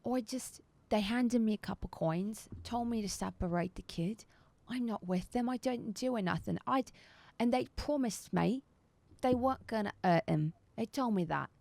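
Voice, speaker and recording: A woman's voice: medium pitch, moderate pace, dry recording, pitched above the performer's own voice, close to an everyday voice. Woman doing a nervous satyr guy, slangy and pleading, dry sound. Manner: slangy, pleading, rambling excuses. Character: nervous shifty male satyr hired hand. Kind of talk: tabletop role-play.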